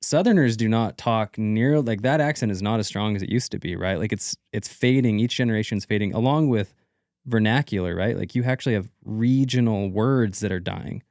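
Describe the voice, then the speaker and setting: A man's voice: lowish voice, a little fast, darkish tone, no echo, studio quality. A man co-hosting a podcast, asking questions and explaining things in a casual, conversational way. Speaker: podcast co-host.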